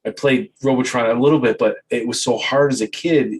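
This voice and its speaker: A man's voice: mid-range voice, fairly even intonation, brisk, husky, low-quality recording. A man hosting a podcast, talking in a chatty, self-interrupting way. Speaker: podcast host. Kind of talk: casual chat.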